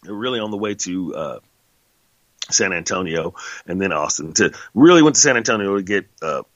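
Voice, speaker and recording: A man's voice: low voice, animated, normal speed, a bit bright, dry recording. A man casually talking through a long story, rambling, chatty and correcting himself as he goes. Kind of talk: casual monologue. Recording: dull lo-fi sound.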